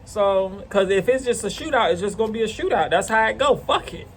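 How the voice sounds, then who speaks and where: A man's voice: high voice, a little fast, a little hiss or hum. A man casually telling a rambling, profane story to camera. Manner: rambling, profane, animated retelling.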